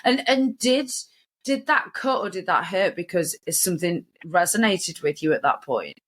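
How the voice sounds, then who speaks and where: A woman hosting a podcast interview, asking questions in a soft, drawn-out, supportive way. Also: lowish voice, animated. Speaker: podcast host. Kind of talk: casual interview chat.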